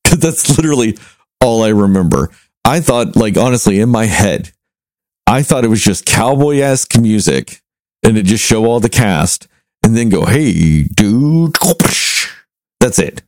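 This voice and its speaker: A man's voice: fairly low pitch, expressive, normal speed, darkish tone, no room sound. A man hosting a casual chat, blunt and teasing, with frequent cursing. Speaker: podcast host.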